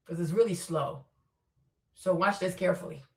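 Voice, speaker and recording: A woman's voice: lowish voice, steady tone, normal speed, reverberant, far from the mic. A woman streamer commenting on footage in a casual, insistent way, repeating herself as she points out details step by step.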